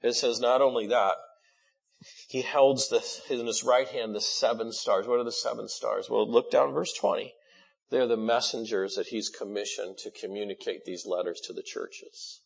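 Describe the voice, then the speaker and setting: A man's voice: medium pitch, gravelly, breathy edge. A man preaching a sermon, speaking animatedly and pushing his voice up in bursts of emphasis. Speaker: pastor.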